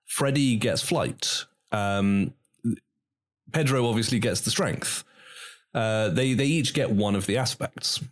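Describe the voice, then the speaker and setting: A man's voice: lowish voice, slow. A man co-hosting a film podcast, retelling scenes in casual chat and acting out the characters' lines with bursts of laughter. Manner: animated storyteller, acts out scenes with bursts of laughter. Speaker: podcast co-host.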